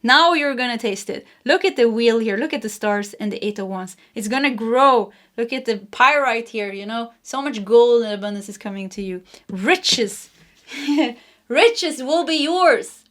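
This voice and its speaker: A woman's voice: on the high side, normal speed, hardly any pauses. Chatty woman doing a tarot reading. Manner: warm, chatty, laughs often, many fillers. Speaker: tarot reader. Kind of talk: casual spoken tarot reading.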